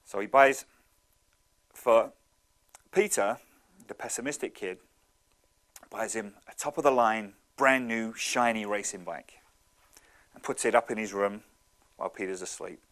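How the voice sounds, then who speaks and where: A man in his thirties giving a motivational talk, telling stories in an animated, conversational way. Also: on the low side, unhurried, pauses often. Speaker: speaker.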